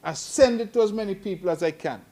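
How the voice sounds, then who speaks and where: A man's voice: high-pitched, fast talker, dark tone. A middle-aged man giving earnest, admonishing remarks at a press conference, growing emphatic. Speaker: head of government at a press conference.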